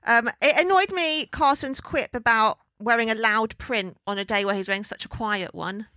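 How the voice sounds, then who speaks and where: Woman, chatty, laughs often, bright voice, dry recording. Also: fairly high pitch, normal speed, dry recording. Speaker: podcast co-host. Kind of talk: casual chat.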